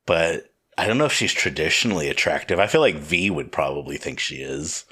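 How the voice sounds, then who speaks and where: A man's voice: very deep voice, animated, a little fast, bright, forceful tone, husky. A man hosting a casual podcast, teasing his co-hosts and jumping in with quips. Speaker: podcast host.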